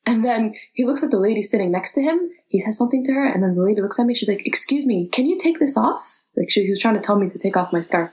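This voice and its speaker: A woman's voice: medium pitch, rapid-fire, few pauses, a little mellow. A young woman co-hosting a casual chat with friends, recounting events step by step and acting out the people in them. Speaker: podcast co-host.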